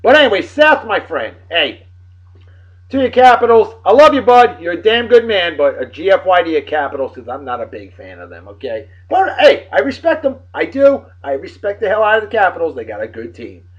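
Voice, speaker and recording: Man, animated and rowdy vlog host, swinging pitch, dull low-fi audio. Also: a little fast. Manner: boisterous, swearing banter. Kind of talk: casual shout-outs to friends. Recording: dull lo-fi recording.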